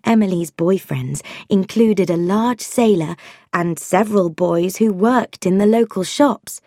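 A woman reads a first-person story aloud, slow and unhurried. Her pitch swings widely with expression, and the recording is close and dry. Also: dry recording. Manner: expressive, wry, with voiced dialogue. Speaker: narrator.

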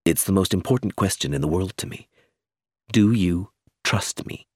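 A man's voice: deep voice, moderate pace, a little mellow, husky, no echo, clean studio sound. A man playing a charming teasing young man. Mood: wry.

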